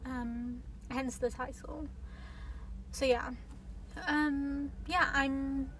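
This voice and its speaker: Chatty and high-voiced, this woman speaks very slowly with fairly even intonation and a slightly bright tone, on poor audio. She's a podcast host doing casual solo chat from a parked car near an airport, rambling with many fillers and self-corrections while airplanes hum faintly.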